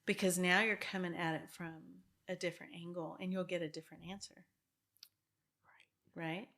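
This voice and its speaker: A real estate broker in her fifties appears as a guest in a casual interview, speaking in a fairly low, steady voice at a moderate pace. She comes across as earnest and reflective, often restarting her sentences and laughing softly.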